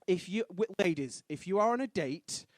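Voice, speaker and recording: A man, doing a quick, punchy stand-up set on a comedy club stage. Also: high-pitched, animated, slight background noise. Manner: quick punchy delivery with sudden loud punchlines and voices.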